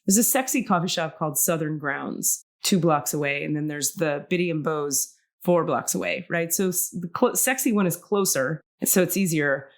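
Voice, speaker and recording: A middle-aged woman hosting a podcast in casual chat, emotional and gushing, talking in quick bursts with restarts. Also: low voice. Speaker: podcast host.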